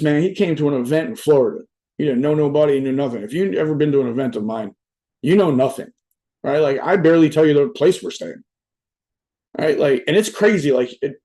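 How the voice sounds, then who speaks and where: A man's voice: fairly high pitch, mellow. A young adult man giving a casual motivational talk at a virtual event, rambling and swearing, with lots of "right?" asides. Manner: rambling, profane, filler-heavy with many "right?" asides. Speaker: motivational speaker. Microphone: virtual event talk mic.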